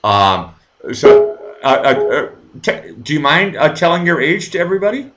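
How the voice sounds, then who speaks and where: A man's voice: fairly high pitch, very animated, moderate pace, a bit bright. A man hosting a casual live-stream interview, hesitant and full of fillers, swearing casually. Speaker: host.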